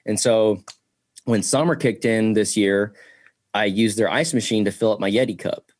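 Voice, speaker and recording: A man, a podcast guest, telling a work story in a profane, animated way, a bit tipsy. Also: fairly low pitch, quick pace, no room sound. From Bakersfield, California. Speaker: guest, delivery driver.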